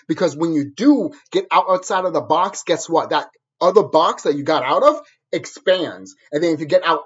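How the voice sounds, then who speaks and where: A man rants straight at the viewer in a profane, hammering monologue, circling back to the same phrases again and again. His husky voice swings widely up and down in pitch. The sound is dull and lo-fi. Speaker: vlogger.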